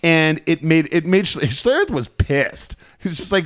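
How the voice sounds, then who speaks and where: A man co-hosting a sports podcast from Colorado, tossing off wry, sarcastic remarks. His pitch swings up and down lively as he tells the story. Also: normal speed, few pauses. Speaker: podcast co-host. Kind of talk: casual sports chat.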